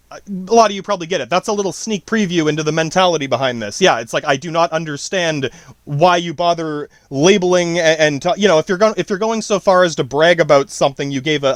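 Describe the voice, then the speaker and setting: A man's voice: a little high, no room sound, clean studio sound. A man rambling through a profane solo podcast monologue, breaking off and restarting his sentences. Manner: profane, rambling, self-interrupting. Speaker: podcast host.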